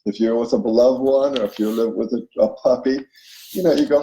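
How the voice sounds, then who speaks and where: A man's voice: mid-range voice, normal speed, mellow, reverberant, dull audio. A man as an interview guest, explaining spiritual self-help ideas and checking in often with his listener. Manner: explanatory, acts out inner voices, checks in with listener.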